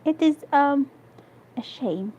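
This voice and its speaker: A woman's voice: sits high, expressive, slow, pitched above the performer's own voice. A woman reading the part of a discontented young woman who longs for luxury, hesitant and restarting words. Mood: complaining. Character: young woman sighing over her poverty. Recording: dull lo-fi stream audio.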